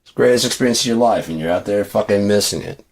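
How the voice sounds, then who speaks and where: A man's voice: lowish voice, fast. A man venting in a rambling, profane monologue with many restarts. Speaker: vlogger.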